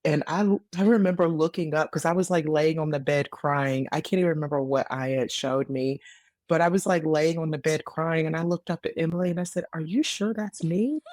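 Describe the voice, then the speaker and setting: A woman in her late thirties, a podcast guest, telling her story in casual conversation, earnest and animated with frequent fillers. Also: deep voice, brisk, no echo, studio quality. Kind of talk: casual interview testimony.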